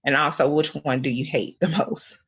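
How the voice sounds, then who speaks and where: Husky low woman on a dull lo-fi line. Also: fairly even intonation, a bit bright. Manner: laughing, playful, quick asides. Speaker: podcast co-host. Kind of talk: casual chat.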